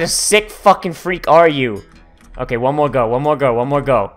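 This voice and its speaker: A man's voice: mid-range voice, animated, normal speed, faint music behind. A man doing casual gameplay commentary, swearing often and breaking into frustrated outbursts. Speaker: let's player.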